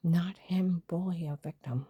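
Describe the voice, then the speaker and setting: Woman, low and dark-toned, gravelly and breathy, agitated vlog storytelling, dry close sound. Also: a little slow, dry recording. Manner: agitated, emphatic retelling with quoted dialogue.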